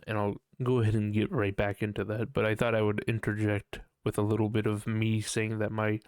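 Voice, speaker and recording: In a fairly low, clear, resonant voice, a young man runs a casual podcast on his own, wandering off topic and swearing a lot. He laughs at himself and acts out his own panicked voice. It's a dry, studio-quality recording.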